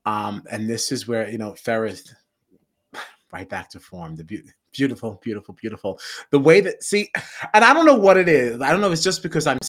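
A man's voice: mid-range voice, animated, brisk, fairly bright tone. A man co-hosting a podcast, animatedly recapping a reality show in casual chat, often laughing and acting out what people do. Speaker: podcast co-host.

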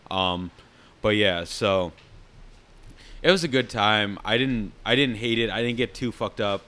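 Deep-voiced young man, laid-back chat. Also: a little slow, bright, forceful tone, clean tone. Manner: laid-back, rambling, teasing. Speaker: podcast co-host. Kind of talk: casual podcast chat.

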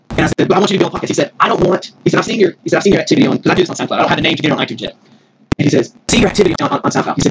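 A man from Mississippi, telling a story as a podcast guest, rambling and excited with many restarts. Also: sits high. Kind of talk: casual storytelling. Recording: noisy recording.

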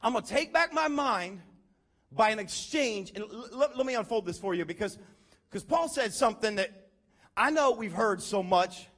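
Animated high-voiced male preacher. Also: moderate pace. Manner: animated, conversational, calls out to the congregation. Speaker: pastor. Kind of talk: sermon.

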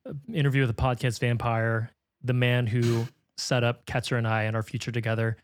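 A man's voice: mid-range voice, little pitch movement, a little fast, no room sound, clean studio sound. A man hosting a film podcast, chatting casually and reading out listener emails, upbeat and laughing often. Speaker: podcast host.

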